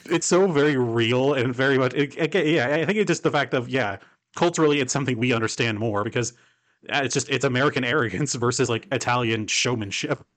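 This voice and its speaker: A man's voice: medium pitch, fairly quick, fairly bright tone. Guy cohosting a movie podcast, rambly, says like a lot, swears offhand. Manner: rambling, heavy on "like", swears casually. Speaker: podcast co-host. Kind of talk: casual film discussion.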